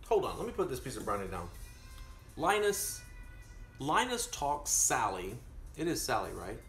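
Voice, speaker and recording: Guy rambling to his stream while baking, roomy echo, faint music under him. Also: mid-range voice. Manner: rambling, chatty, animated asides. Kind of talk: casual chat while baking.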